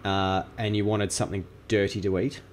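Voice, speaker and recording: A man hosting a casual chat, teasing and firing off quick questions. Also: on the low side, little pitch movement, slight background noise. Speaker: host.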